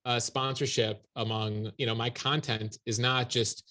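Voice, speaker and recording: A man, a journalist guest in an interview, telling stories in an animated, quick way. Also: mid-range voice. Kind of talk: casual interview chat.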